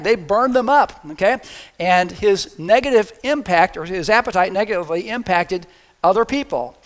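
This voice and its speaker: A pastor with a high-pitched, fairly bright voice preaches a sermon. He tells the story casually in a storytelling manner, joking along the way.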